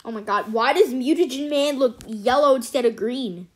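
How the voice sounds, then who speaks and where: A woman giving casual, excitable let's-play commentary as host of a gaming channel, chatty and cheering at her wins. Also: high voice, moderate pace.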